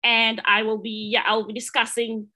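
A woman's voice: on the high side, level tone, normal speed, sharp tone. A South African woman with a South African accent giving an online seminar talk as an astronomer, upbeat and friendly, with frequent ums and restarts. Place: home or office in Amsterdam.

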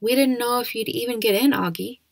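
A woman voicing a caring, practical mother in a storybook reading, gentle and reassuring. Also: fairly high pitch, fairly quick, gravelly, no echo, clean studio sound, voice pushed up.

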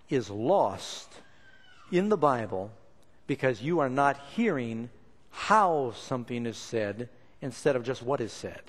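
Man, preacher, sermon, lively rising and falling voice, acts out quotes, long hall reverb. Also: mid-range voice. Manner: expressive, acts out quoted lines.

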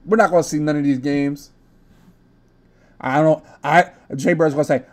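A man's voice: fairly high pitch, steady tone, normal speed, pauses often. A young man hosting a casual gaming podcast, talking brash, profane trash talk. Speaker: podcast host.

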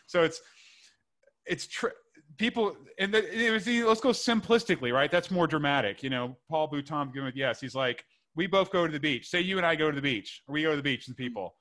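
A man's voice: a little high, lively intonation, a little fast, a bit bright. A male guest author in a casual podcast chat, rambling earnestly as he tells a story.

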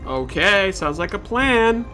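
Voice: mid-range voice, big pitch swings, slow pace, sharp tone. A gamer playfully commenting on a puzzle game while playing, chatting to the characters on screen. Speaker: let's play gamer. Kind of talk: casual gameplay commentary. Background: faint game music.

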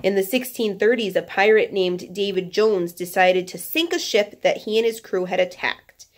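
Teacher reading aloud with playful asides. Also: female voice, medium pitch, normal speed. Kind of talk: reading a book aloud to a class.

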